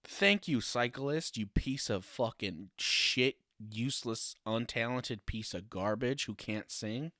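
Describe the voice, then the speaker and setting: A man's voice: mid-range voice, takes it slowly, hardly any pauses, pushed and bright, dry recording, studio quality. A young man hosting a casual solo podcast, ranting with sarcasm and swearing and laughing often. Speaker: podcast host.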